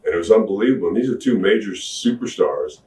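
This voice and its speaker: A man's voice: lowish voice, lively intonation, quick pace, mellow. A man being interviewed about his past career, telling rambling stories in a laid-back way with self-deprecating humor. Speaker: interview guest, former wrestler. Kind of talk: casual storytelling interview. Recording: echoey room, distant mic, faint hiss.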